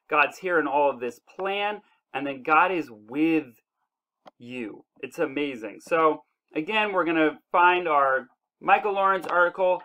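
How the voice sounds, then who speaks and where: Man, young adult, casual online Bible lesson, earnest, conversational, slows for emphasis. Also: fairly high pitch, pushed and bright, rough recording. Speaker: church devotional leader.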